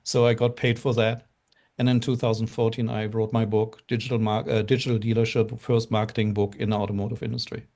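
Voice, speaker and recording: A man's voice: fairly low pitch, flat delivery, a little fast, darkish tone. German-accented man telling his story. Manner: earnest, rambling with many fillers. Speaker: guest. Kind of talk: casual storytelling on a live show.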